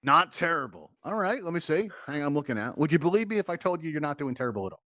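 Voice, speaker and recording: A male host runs a virtual reality game show at a brisk clip, ribbing his contestants in a playful, teasing way. His voice sits a little high and sounds close and dry through a headset mic. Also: sing-song, pushed and bright, dry recording.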